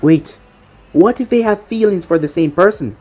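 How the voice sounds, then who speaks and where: A woman voicing a male undead overlord who is a doting, anxious father, speaking in a dramatic, drawn-out way. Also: fairly low pitch, expressive, dark tone, faint music behind. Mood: worried.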